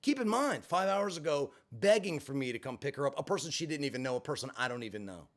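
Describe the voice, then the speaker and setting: A man casually telling a story on a livestream, animated and profane, acting out the voices of the people he quotes. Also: fairly high pitch, quick pace. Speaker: livestream host.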